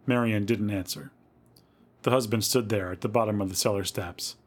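Male podcast host, lowish voice, dramatic spooky story reading. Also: steady tone, moderate pace.

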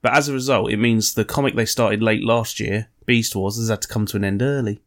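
A man co-hosting a podcast, delivering dry, sarcastic quips and steady explanations. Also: lowish voice, fairly quick. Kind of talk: casual chat.

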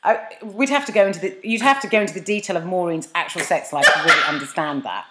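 A woman co-hosting a podcast in casual chat, teasing and lively, slipping into silly voices. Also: fairly low pitch, fast talker, very noisy. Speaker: podcast co-host. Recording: roomy echo.

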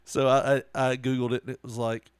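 A man's voice: mid-range voice, fairly quick, clean tone, no room sound, studio quality. A man in casual podcast chat, telling stories and laughing often. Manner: laughs often, animated storytelling. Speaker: podcast co-host.

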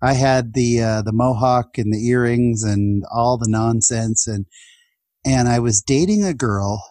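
A man's voice: medium pitch, a little slow, dark tone, no room sound. A man in his forties telling personal stories in a casual podcast chat, earnest and emotional, laughing now and then. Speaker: guest.

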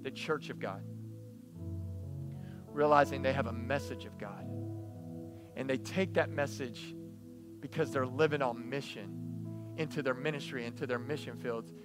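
A man preaching a sermon in an animated, emphatic, storytelling way. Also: medium pitch, unhurried, long pauses, over music. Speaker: pastor.

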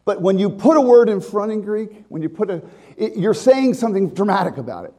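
Male pastor, conversational sermon, mellow tone, lively pitch that rises and falls. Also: a little fast. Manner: conversational, lively preaching with restarts and asides.

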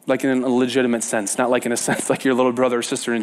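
A man preaching a casual sermon, retelling a Bible story with lively repetition and sudden drops from loud to hushed. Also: mid-range voice, rapid-fire, smooth. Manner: animated storyteller, repeats words for emphasis, swings between loud and hushed; casual and conversational, with fillers and self-corrections.

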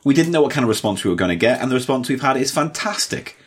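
A man co-hosting a comedy podcast, chatting in a dry, wry, rambling way from a hot room in a flat on a desk microphone. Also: medium pitch, quick pace, slightly rough. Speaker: podcast co-host. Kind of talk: casual comedy podcast chat. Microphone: USB desk microphone.

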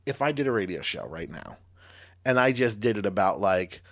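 Male podcast co-host, lively delivery, loose and jokey. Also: on the low side, normal speed. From Long Island, New York. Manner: lively, joking, rambling with many fillers. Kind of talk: casual chat.

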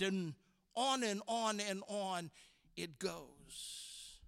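A man giving an animated, dramatic sermon to a chapel gathering. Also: sits high. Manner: animated, dramatic, acts out quoted voices. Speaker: chapel speaker. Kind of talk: youth chapel sermon with storytelling. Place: school chapel. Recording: long hall reverb.

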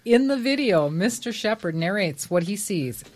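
A woman's voice: mid-range voice, lively intonation, moderate pace. A woman co-hosting a podcast, reading out news items and bantering with the host.

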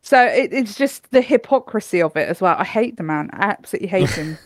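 A woman's voice: medium pitch, animated, quick pace, dry recording. A woman co-hosting a casual podcast, chatty and giggly, sometimes ranting. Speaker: podcast co-host. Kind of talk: casual chat.

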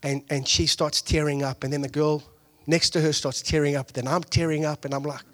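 Man, high voice, pastor, conversational sermon, hushed to loud, acts out quotes. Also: flat delivery, fairly quick.

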